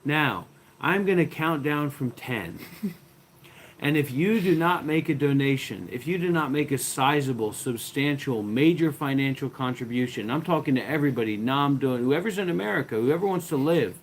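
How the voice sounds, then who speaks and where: A man's voice: medium pitch, lively intonation, normal speed, a little hiss or hum, rough recording. A man hosting a comedic livestream as a mock guru, crude and taunting, ranting at his viewers. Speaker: host.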